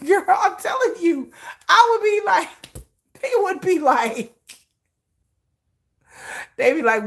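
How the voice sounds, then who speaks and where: A woman's voice: high-pitched, big pitch swings, slow pace, pauses often, a bit bright. A woman hosting a casual fan livestream, rambling and laughing as she talks to her chat, swearing freely. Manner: swears freely, Southern-flavored slang. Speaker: livestream host.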